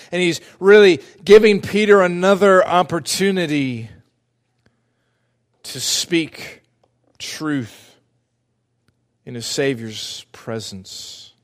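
A man preaching a sermon as pastor, earnest and deliberate, repeating key phrases for emphasis. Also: a little high.

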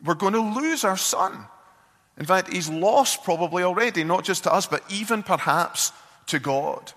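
A man voicing an exasperated middle-aged wife and mother who shouts and pleads. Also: fairly high pitch, big pitch swings, slow, creaky, slightly rough, big-room sound, pitched above the performer's own voice, exaggerated voice.

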